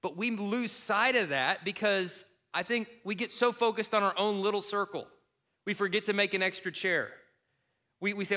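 A man's voice: sits high, normal speed. A middle-aged man from Kentucky preaching a sermon, mixing funny personal stories with scripture. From Kentucky, USA. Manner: animated, self-mocking humor with quoted voices. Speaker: pastor. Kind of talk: sermon with storytelling.

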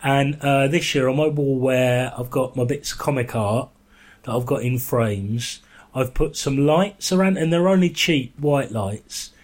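A man co-hosts a podcast, chatting casually in a dry, teasing manner and swearing freely. His voice is medium-pitched and his pace measured.

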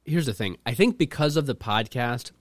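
A man co-hosting a podcast in casual chat, talking loudly and punchily. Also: mid-range voice, animated, normal speed, no echo, studio quality. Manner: loud, punchy delivery. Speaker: podcast co-host.

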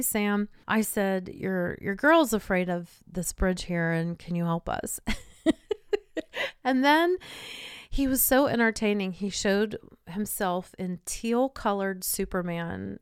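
A woman hosting a podcast, telling a personal story in a casual, animated way, often laughing and dropping to a hush. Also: on the low side, clean tone, no echo, clean studio sound. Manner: animated, laughs often, drops to hushed tones for quotes. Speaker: podcast host.

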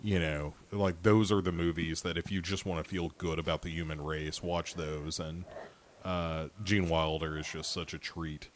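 Deep-voiced guy rambling on a film podcast, laid back and self-mocking. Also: flat delivery, normal speed. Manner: rambling, self-deprecating, digressive. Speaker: podcast host. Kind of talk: casual podcast chat.

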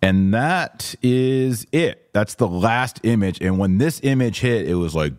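A middle-aged man hosting a podcast, walking through a series of images with wry, sarcastic commentary and quick put-on voices for the people in them. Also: on the low side, animated, darkish tone, no echo, studio quality. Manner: wry, sarcastic, acts out quoted figures. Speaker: podcast host.

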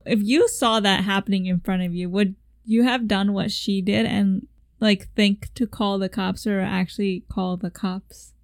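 A young woman co-hosts a laid-back conversation. She is chatty, asks questions and laughs often. Her voice is mid-pitched and recorded dry and close. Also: steady tone, a little slow, no echo. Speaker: podcast co-host. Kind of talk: casual chat.

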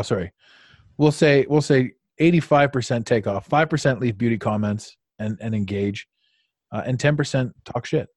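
A man's voice: mid-range voice, breathy edge, dry recording. A male podcast host with an ordinary mid-range voice, recorded close and dry. He talks loosely and at length, swearing, laughing and restarting his sentences as he goes. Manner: rambling and profane, with lots of restarts and laughter. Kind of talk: casual conversational interview.

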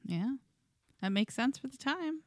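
A woman co-hosting a podcast, chatting in a relaxed way and giving frank opinions. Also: high voice, unhurried, dry recording, clean studio sound. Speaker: podcast co-host. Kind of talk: casual chat about music.

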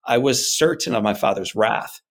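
A man being interviewed, telling a personal story in an earnest, animated way and acting out his parents' words. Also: fairly low pitch, moderate pace. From United States. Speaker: guest.

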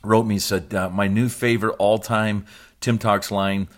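A man with a fairly low voice hosts a podcast as a pastor. He chats casually, jokes and laughs easily. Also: flat delivery, measured pace. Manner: chatty, joking, laughs often. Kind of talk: casual chat.

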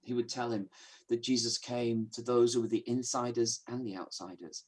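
Husky-voiced man preaching a sermon. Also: medium pitch, fairly even intonation, normal speed. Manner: earnest, emphatic, with swings between hushed and raised delivery.

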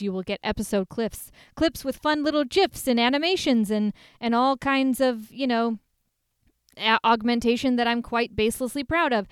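A woman co-hosting a podcast in casual chat, going on profane, fast rants with self-mocking asides. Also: on the high side, smooth, no echo, studio quality. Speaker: podcast co-host.

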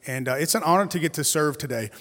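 A man in his forties preaching as a guest pastor, chatty and animated, with playful storytelling asides. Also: a little high, fast talker. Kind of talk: sermon. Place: church sanctuary. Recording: reverberant church hall.

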